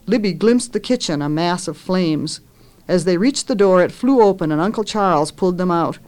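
A woman author reading a story aloud in a measured, expressive way, lifting her voice for the characters' lines. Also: on the low side.

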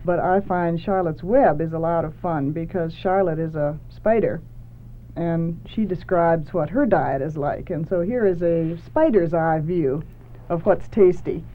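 A woman's voice: lowish voice, unhurried. A woman hosting a talk about books, speaking in a thoughtful, earnest way, over a tinny phone-like line. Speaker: host.

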